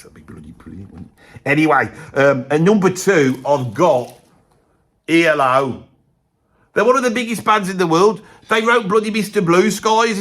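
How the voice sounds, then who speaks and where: Bloke doing a chatty middle-aged brummie geezer, kinda high voice, rambles and says bloody a lot. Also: male voice, fairly bright tone. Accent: Birmingham. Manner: rambling, peppered with "bloody", chummy asides. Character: rambling gossipy Birmingham bloke, ex-roadie. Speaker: comedy character ranking bands. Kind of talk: rambling comic monologue to camera.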